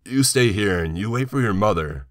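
A man voicing a hoarse stubborn old grandfather. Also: animated, moderate pace, no echo, studio quality, natural voice. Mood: stern. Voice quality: low and hoarse.

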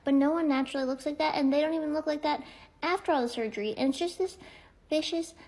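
A young woman with a very high, small-sounding voice talking candidly and casually to her phone camera, ranting and poking fun at herself. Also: fast talker, vocal fry, a little mellow. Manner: candid, ranting, self-mocking. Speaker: comedy creator.

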